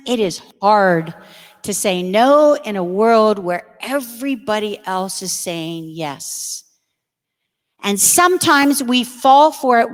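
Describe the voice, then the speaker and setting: Woman speaker at church, slow and emphatic, pitched a bit high, big hall echo. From United States. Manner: earnest, emphatic, acts out kids' voices. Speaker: religious education speaker. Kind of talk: church talk to parents and teens. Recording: long reverb of a large hall.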